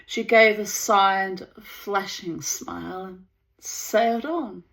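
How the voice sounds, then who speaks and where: A woman reading a story aloud in a measured way, lingering over words. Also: mid-range voice, fairly even intonation, vocal fry, fairly bright tone, low-quality recording. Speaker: reader of a story.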